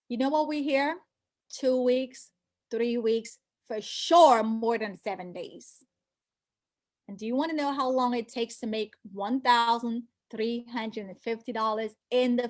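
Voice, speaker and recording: Woman, high voice, middle-aged, emphatic, repeats phrases, rhetorical questions, motivational pitch. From born outside the US. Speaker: recruiter for a financial business.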